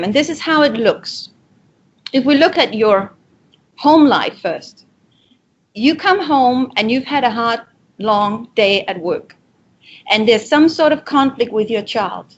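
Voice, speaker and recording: Woman presenter, slightly high voice, direct coaching delivery, dull lo-fi webinar audio. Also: a little hiss or hum. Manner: direct, coaching, acts out quoted dialogue. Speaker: speaker giving a webinar talk. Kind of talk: motivational presentation.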